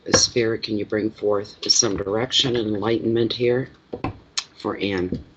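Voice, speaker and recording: A man's voice: fairly low pitch, fairly even intonation, a little slow. A man with a stuffy nose, rambling to himself while he gets ready for a casual card reading. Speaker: card reader. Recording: lo-fi with clear background noise.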